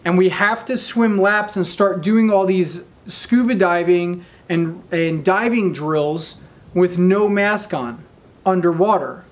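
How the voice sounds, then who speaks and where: A man in his thirties telling a story in casual talk, animated and often checking in with his listeners. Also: sits high, slow pace. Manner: animated, addresses listeners with "right?" and "okay?". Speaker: speaker telling a training story.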